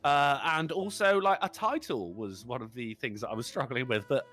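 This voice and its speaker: A man's voice: medium pitch, normal speed, a bit bright, soft background music. A man co-hosting a casual podcast chat, swearing freely and laughing often. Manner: profane, laughing, emphatic. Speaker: podcast co-host.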